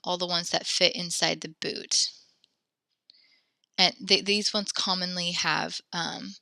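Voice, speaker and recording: A woman's voice: on the low side, creaky, pushed and bright, no echo. A woman teaching a French lesson, explaining grammar step by step with frequent ums and self-corrections. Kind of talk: recorded classroom lesson.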